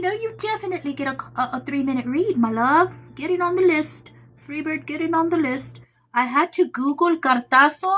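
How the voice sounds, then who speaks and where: High bright-voiced woman chatting live. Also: animated, brisk. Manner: chatty and teasing, talks to viewers as "my love". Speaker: tarot reader hosting a live stream. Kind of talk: casual live-stream chat, answering viewers.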